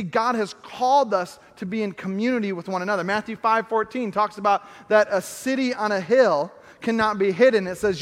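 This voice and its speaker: A man preaching a sermon as pastor, emphatic, repeating key phrases and slowing down to stress them. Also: sits high, fairly bright tone, long reverb tail.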